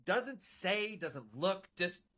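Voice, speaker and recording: Guy on a podcast with a bright forceful voice, swears a lot, laughs thru his stories, stumbles and restarts. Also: high-pitched, sing-song, slow. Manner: swears freely, laughs while telling stories; repeats words and restarts often. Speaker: podcast guest, Marine veteran. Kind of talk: casual chat, storytelling.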